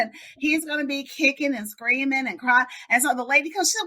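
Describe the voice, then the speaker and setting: A woman's voice: a little high, moderate pace, pushed and bright. A woman author chatting in an interview, telling a story animatedly and acting out the voices in her quotes. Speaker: children's book author. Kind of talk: casual interview chat.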